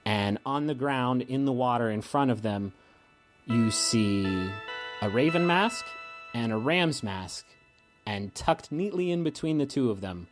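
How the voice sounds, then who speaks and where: A man's voice: mid-range voice, lively intonation, measured pace, over music. A man narrating scenes as game master of a tabletop game, with many ums and uhs.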